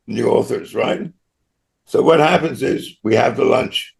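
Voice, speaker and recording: An older man from Australia speaks as an interview guest, his gravelly, fry-heavy voice sitting at an ordinary middle pitch. He tells long rambling anecdotes and keeps checking in with "right?". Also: normal speed. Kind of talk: storytelling interview.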